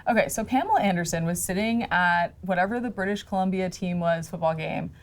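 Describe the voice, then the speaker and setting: A woman's voice: on the low side, a little fast. A woman hosting a podcast, recounting celebrity stories in a chatty, gossipy way. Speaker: podcast host. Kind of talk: casual chat.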